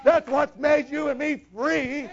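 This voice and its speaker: A man preaching a sermon with passion, breaking into shouts and slowing down to stress his key lines. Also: extremely high pitch, steady tone, vocal fry. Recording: dull lo-fi recording.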